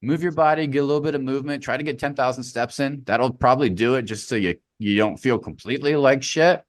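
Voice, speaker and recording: A male podcast co-host talking in loose, animated banter, peppered with slang and swearing. His voice sits at an ordinary pitch, recorded close on a dry, dead-sounding mic. He rambles easily from one bit to the next. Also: fast talker, no room sound. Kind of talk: casual chat.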